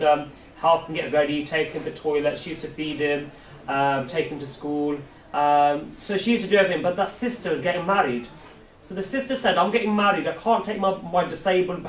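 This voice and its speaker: A man telling a story to a youth camp as a Sikh preacher, asking the audience questions and acting out voices. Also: a little high. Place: large hall at a camp. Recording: echoey hall, mic far off, faint hiss.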